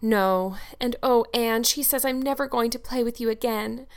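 A woman's voice: fairly high pitch, moderate pace, natural voice. A woman voicing a sweet, loyal young girl who speaks earnestly and tearfully in an audiobook. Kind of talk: audiobook character voice.

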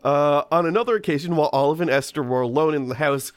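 A man's voice: fairly high pitch, fast, clear, resonant tone, no echo. Man reading a spooky tale aloud, joking. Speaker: podcast host reading a story. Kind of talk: casual comedic podcast chat.

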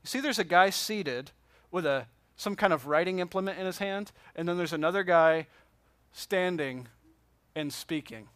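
A man's voice: high-pitched, moderate pace, fairly bright tone, smooth, dry recording. A man teaching a Bible class from slides, talking casually and asking the class questions. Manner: conversational, asks the class questions.

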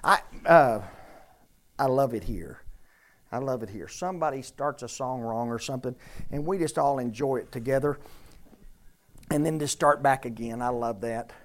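This older preacher speaks in a mid-range voice at normal speed, pausing often. He leads an interactive sermon in a church, teaching scripture while he quizzes, teases and presses his points on the congregation.

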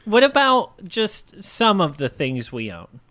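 A man's voice: high voice, huge pitch swings, takes it slowly, bright, forceful tone. A man playing a tabletop game, jokey and playful. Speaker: player.

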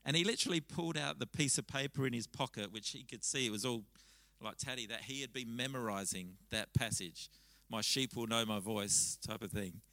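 A man preaching a sermon at a church service, talking conversationally and telling stories with lively restarts. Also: medium pitch, a little fast, no echo, low-quality recording. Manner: conversational, animated storytelling with frequent restarts. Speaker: pastor.

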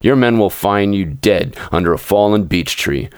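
A man voicing a bitter, mocking nobleman pinned under a fallen tree, in a low snarling growl. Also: animated, normal speed, clear, resonant tone, dry recording, studio quality, lightly acted. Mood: menacing. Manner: mocking and savage, then grim and weary. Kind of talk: dramatic short story reading.

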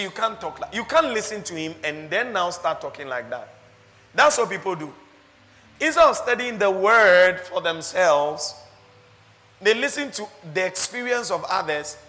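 A man preaching a sermon as pastor, animated, laughing often and asking his listeners rhetorical questions. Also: high voice, normal speed, long reverb tail.

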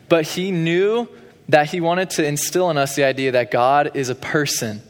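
A man's voice: on the high side, normal speed. A young man giving a sermon as pastor in a church, preaching in a conversational way with frequent fillers. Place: church sanctuary. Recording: long hall reverb.

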